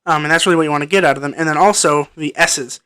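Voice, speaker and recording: Man, casual film review, hesitant and rambling, smooth clear voice, dry close sound. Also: on the high side, fairly even intonation, rapid-fire, sharp tone, dry recording. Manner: rambling, hesitant, many ums and restarts. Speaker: movie reviewer. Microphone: microphone plugged into a computer.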